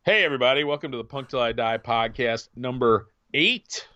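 A man in his forties co-hosts a podcast in a rambling, chatty way, often trailing off and starting over. His medium-pitched voice is fairly quick with a sharp tone, and the audio sounds dull.

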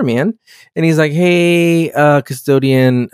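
A man's voice: on the high side, takes it slowly, darkish tone, smooth, no echo, studio quality. A man in casual podcast chat, swearing a lot and acting out characters in put-on voices as he recaps a show. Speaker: podcast co-host.

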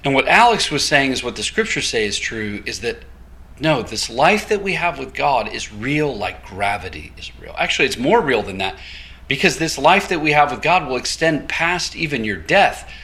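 A man's voice: medium pitch, very animated, normal speed, pushed and bright. A man preaching a sermon, telling a story with quoted dialogue and light laughter. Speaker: guest preacher.

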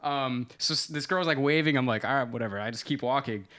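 A young man co-hosting a podcast tells a story in casual conversation, animated and swearing freely. His mid-range voice is smooth and moves a little fast.

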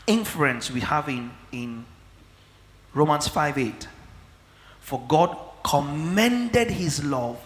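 A male pastor, preaching a teaching sermon in a slow, emphatic way and often checking that listeners follow. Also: mid-range voice. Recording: echoey hall with long reverb.

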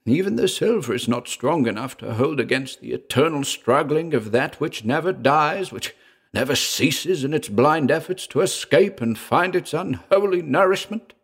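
A man's voice: fairly high pitch, expressive, moderate pace, breathy edge, pitched above the performer's own voice. A man voicing an old male vault caretaker who speaks in old-fashioned, pleading tones. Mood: grave.

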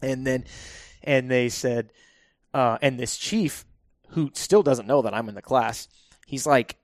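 A firefighter guest telling stories in a relaxed podcast conversation, laughing often and restarting his sentences. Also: mid-range voice, measured pace, dry recording, studio quality.

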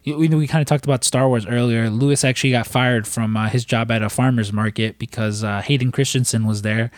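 A man's voice: mid-range voice, fairly even intonation, fairly quick. An American man hosting a podcast in casual chat, rambling through a story and swearing often. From United States. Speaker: podcast host.

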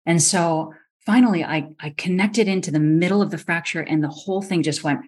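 A middle-aged woman tells a story in a podcast interview, her voice sitting on the low side. She talks with lively energy, jumps up to act out the people she quotes, and often restarts her sentences. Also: brisk, slightly rough. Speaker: osteopathic physician guest.

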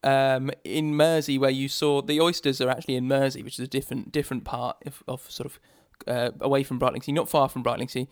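A man's voice: medium pitch, level tone, fast, few pauses, no room sound, clean studio sound. A man co-hosting a casual podcast from England, rambling and laughing as he jokes along. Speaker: podcast co-host.

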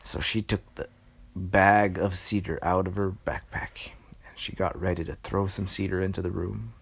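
Low, gravelly man telling a made-up story. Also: fairly even intonation. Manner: halting, with many pauses and fillers. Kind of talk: improvised bedtime story.

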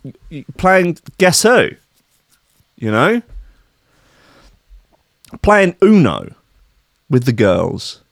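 Male podcast host, sweary and sardonic, with lively pitch swings and a dry sound. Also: extremely slow, vocal fry, long pauses, no room sound. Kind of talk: comic rant about the news.

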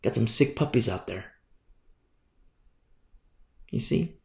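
A man preaching a sermon as pastor, hammering his points by repeating them and swinging between loud and hushed. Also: mid-range voice, animated, slow, vocal fry. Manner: emphatic, repetitive preaching with sharp swings in loudness. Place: church room. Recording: roomy echo.

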